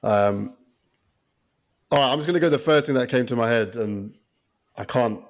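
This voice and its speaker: Brief: man, podcast co-host, lively banter, laughs a lot, medium voice. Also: medium pitch. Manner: animated, laughs often, does quick impressions. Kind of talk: casual chat.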